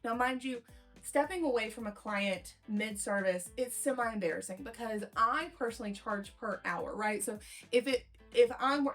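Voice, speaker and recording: A young woman hairstylist telling a client story in a casual, rambling storytime way, acting out the quotes. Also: mid-range voice. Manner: rambling, chatty, acts out quotes in lively voices.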